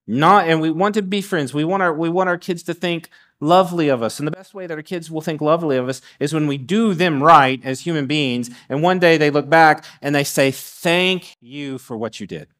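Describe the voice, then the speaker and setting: A middle-aged man preaching a sermon in a church in a somewhat higher voice. He talks in an animated way, restarting phrases and acting out little asides to the congregation. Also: normal speed, hardly any pauses. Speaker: guest preacher. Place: church sanctuary.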